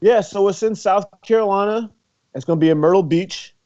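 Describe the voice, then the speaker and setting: A man's voice: high voice, fairly quick, darkish tone. A young man and former college wrestler, talking casually as a guest, laid-back, laughing often and filling his talk with "you know" and "like". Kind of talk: casual interview chat. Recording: muffled lo-fi recording.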